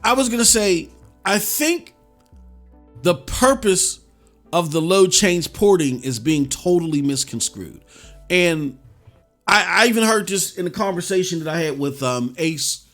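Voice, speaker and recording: Animated male podcast co-host. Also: high-pitched, unhurried, faint music behind. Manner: animated storyteller, swings between loud and soft. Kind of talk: casual podcast chat.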